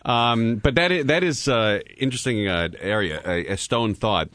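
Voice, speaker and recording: A man's voice: mid-range voice, lively intonation, normal speed, fairly bright tone, no room sound. A man hosting a radio talk show in a loose, rambling way, full of fillers, taking callers. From Southern California. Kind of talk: casual radio chat.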